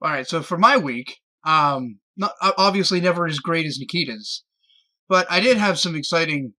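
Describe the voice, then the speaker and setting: A podcast participant making wry, deadpan remarks while sharing their week. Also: medium pitch, moderate pace, no room sound. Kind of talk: casual podcast chat.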